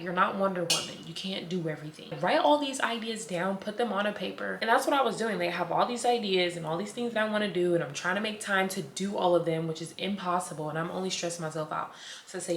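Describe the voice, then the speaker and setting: Young woman, low voice, girl-talk vlog chat, faint hiss. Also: gravelly, bright, forceful tone. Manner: chatty, girlfriend-to-girlfriend talk, calls viewers girl and sis. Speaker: vlogger. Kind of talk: casual chat to camera. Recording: echoey room, faint noise.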